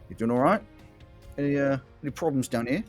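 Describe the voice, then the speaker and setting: A man's voice: medium pitch, fast, faint music behind, pitched above the performer's own voice, lightly acted. A man voicing a lazy, corrupt off-duty male city guard who casually brushes off trouble. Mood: breezy.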